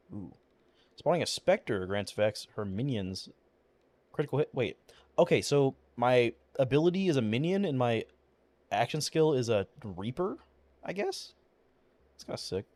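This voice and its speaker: A man's voice: medium pitch, sing-song, moderate pace, a little mellow, no room sound. A man streaming a video game, chatting casually and rambling with lots of swearing and fillers, his voice cracking now and then. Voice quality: occasional voice cracks. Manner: mumbles. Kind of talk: casual gameplay commentary.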